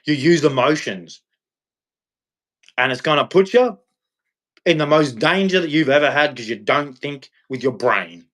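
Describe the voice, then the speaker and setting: A man's voice: a little high, lively intonation, unhurried, long pauses, fairly bright tone. An Australian man ranting on a livestream in a blunt, scolding, preachy way. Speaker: livestream host. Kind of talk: livestream rant.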